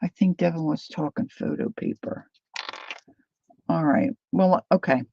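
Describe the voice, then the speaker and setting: A woman hosts a live crafting session in a slow, unhurried way, with a gravelly fry running through her voice. She chats along as she thinks aloud and answers comments from viewers. The sound is dry and a little dull, like a lo-fi home mic. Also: sits low, mellow, a little hiss or hum. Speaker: craft livestream host. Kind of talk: casual live crafting demo.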